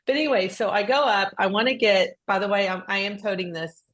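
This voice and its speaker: A woman co-hosting a faith-based podcast, chatting casually and telling a personal story in a lively, animated way with frequent restarts. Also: medium pitch, fairly quick. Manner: acts out quoted speech with raised voice. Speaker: podcast co-host.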